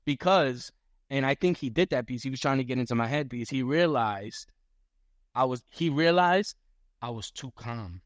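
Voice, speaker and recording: A man on a podcast as a guest fighter, telling a story in casual chat, animated and profane, acting out what others said. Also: medium pitch, moderate pace, no room sound, clean studio sound. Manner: animated, profane, acts out quotes.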